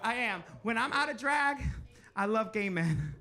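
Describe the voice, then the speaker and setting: A man in his thirties performing stand-up as a drag queen, brassy and loud, bursting into shouts. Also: high-pitched, expressive, measured pace. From Latino family in the United States. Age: 30s. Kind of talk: stand-up comedy. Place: comedy club stage. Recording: live club with audible crowd.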